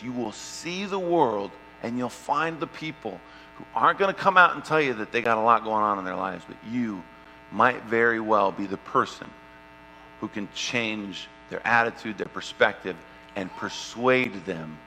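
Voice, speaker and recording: A male pastor preaching with a bright, forceful voice. His storytelling swings from loud bursts to hushed, slow passages. The sound carries a long reverb, with a faint mains hum underneath. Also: mid-range voice. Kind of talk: sermon with personal story.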